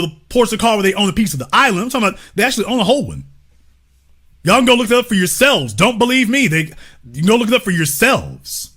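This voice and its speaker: Animated high-voiced male livestream host. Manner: emphatic, profane, talks to the chat. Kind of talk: animated opinion commentary.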